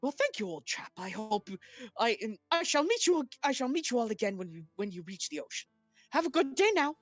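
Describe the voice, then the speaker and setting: A woman's voice: fairly high pitch, big pitch swings, brisk, no room sound, soft background music. A woman voicing a posh British shark. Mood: courteous. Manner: courteous, old-fashioned phrasing. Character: posh, polite male shark.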